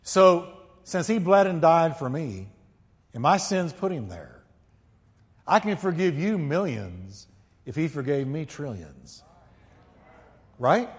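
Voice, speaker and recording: A male pastor preaching a sermon emphatically, swinging from quiet, low asides to loud, ringing peaks and calling on the congregation to repeat after him. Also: big pitch swings, slow, pauses often. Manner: calls on the congregation to repeat lines. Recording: long hall reverb.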